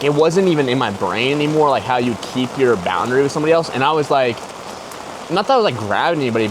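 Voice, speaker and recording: A young man telling a personal story in a slangy, rambling way, full of "like" and "bro". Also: fairly high pitch. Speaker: podcast host. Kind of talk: casual storytelling. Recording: loud rain noise behind the voice. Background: heavy rain.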